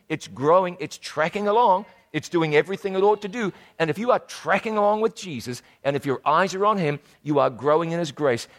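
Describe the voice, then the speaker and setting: A man with a notably high-pitched voice delivers a sermon as a pastor. He shifts between low, intimate storytelling and loud, fervent emphasis. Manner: animated preaching, voice rising to loud emphatic declarations.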